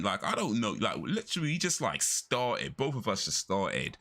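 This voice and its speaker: A man's voice: lowish voice, wildly swooping pitch, moderate pace, hardly any pauses, sharp tone. A young man chatting casually on a live stream, rambling through stories and laughing often.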